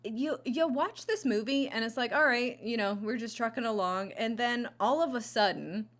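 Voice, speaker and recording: A woman's voice: on the high side, moderate pace. Woman rambling about movies on her vlog, lots of um and like, right up on the mic. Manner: rambling, animated, many fillers and restarts. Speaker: vlogger reviewing movies. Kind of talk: casual chat. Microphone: close mic.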